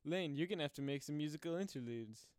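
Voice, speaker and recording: A man's voice: a little high, lively intonation, quick pace, a little mellow, no room sound. A man co-hosting a casual podcast, full of playful jokes and banter, speaking right into a close mic. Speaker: podcast co-host. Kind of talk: casual chat. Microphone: close drum mic.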